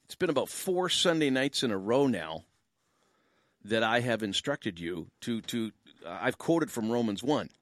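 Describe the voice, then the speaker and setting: A Canadian man hosting a late-night call-in radio show and chatting away as a pastor. His pitch leaps up and down as he jokes and rambles through asides. The studio sound is dry and close to the mic. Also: sing-song, measured pace, no room sound.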